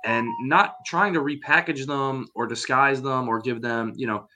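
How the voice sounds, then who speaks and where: A man co-hosting a podcast who explains things in a measured, conversational way. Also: mid-range voice, bright, forceful tone, soft background music. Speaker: podcast co-host. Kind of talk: casual chat.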